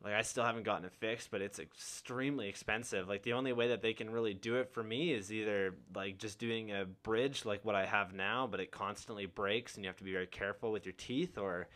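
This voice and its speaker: A man's voice: fairly low pitch, steady tone, fairly quick, hardly any pauses, fairly bright tone. A young man hosting a podcast in casual chat, laid-back and encouraging, full of "like" and "um". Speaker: podcast host.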